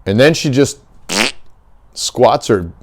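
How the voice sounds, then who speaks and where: A man's voice: mid-range voice, animated, takes it slowly, darkish tone, a little hiss or hum. A middle-aged man hosting a fishing channel, talking in a heated, blunt and profane way in a casual rant. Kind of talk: casual ranting vlog.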